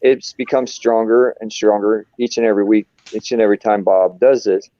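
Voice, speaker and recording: A man with a mellow, dark voice talks earnestly on a live panel, rambling and restarting his sentences. The sound is muffled and dry. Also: lowish voice, fairly even intonation, brisk, no echo. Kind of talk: casual chat. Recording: dull, dry stream audio.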